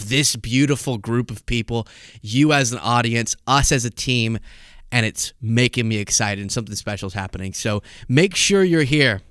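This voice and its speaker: A man's voice: mid-range voice, a bit bright, no echo, studio quality. A man hosting a live show, chatting casually and animatedly, joking and laughing as he talks. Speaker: host. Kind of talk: casual live-stream commentary.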